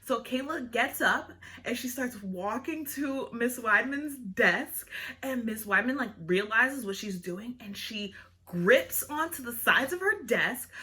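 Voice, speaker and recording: Bright-voiced young woman telling a story. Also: fairly high pitch. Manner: animated storytelling, many "like" fillers. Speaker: vlogger. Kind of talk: storytime vlog, casual chat.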